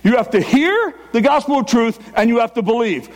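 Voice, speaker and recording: Older guy pastor preaching, high pitched, talks fast and jokes around. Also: animated. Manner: fast, emphatic, jokey. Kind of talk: sermon.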